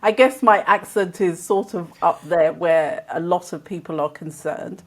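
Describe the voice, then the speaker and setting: Slow-talking English woman, London-Birmingham accent. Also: lowish voice. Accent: between London and Birmingham English. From England. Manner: laughs often while telling stories. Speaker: guest. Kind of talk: casual conversation.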